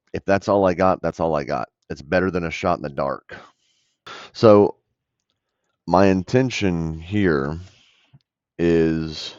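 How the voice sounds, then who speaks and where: Speaking bluntly and conversationally, a Southern American man walks viewers through a phone call he made about a real estate deal, commenting casually over the call recording. He has a deep, slightly mellow voice, recorded as a dull, dry voice-over.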